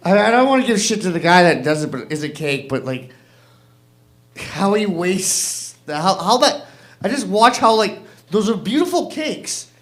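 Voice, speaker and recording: A young man doing halting, rambling stand-up at an open mic on a club stage. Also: high-pitched, lively intonation. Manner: rambling, halting, lots of fillers and restarts. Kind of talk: stand-up comedy. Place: comedy club stage with audience.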